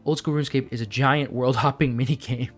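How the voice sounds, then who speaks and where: A man's voice: medium pitch, steady tone, a little fast, faint music behind. A man streaming a game live, chatting casually and thinking aloud, often breaking into laughs.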